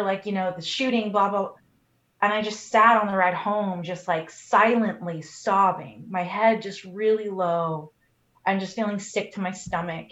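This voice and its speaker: This podcast co-host is a woman with a mid-range, slightly bright voice, sharing an emotional personal anecdote in laid-back talk full of filler words. The audio has a dull, lo-fi quality with noticeable room echo.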